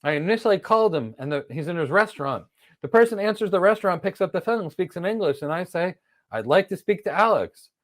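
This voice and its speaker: A man teaching an online training lesson, explaining ideas through lively storytelling with acted-out dialogue. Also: sits high, fast. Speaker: instructor.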